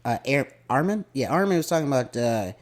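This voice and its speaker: A man's voice: mid-range voice, expressive, a little fast. A man from the American South co-hosting a podcast, chatting casually and slangily about an anime episode and acting out the characters' lines. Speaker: podcast co-host. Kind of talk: casual anime review chat.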